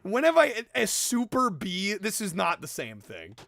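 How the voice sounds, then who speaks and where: A male streamer chatting casually with his viewers, animated and argumentative, laughing often and swearing now and then. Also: sits high, normal speed, gravelly, slight background noise. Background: background music.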